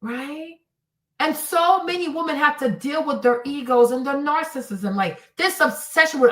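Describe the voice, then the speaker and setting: A woman hosting a stream, ranting in an animated, exasperated way, swearing freely and sometimes breaking into shouts. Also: high-pitched, normal speed, recorded from a distance. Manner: bursts into shouts. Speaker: host. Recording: echoey room, off the mic.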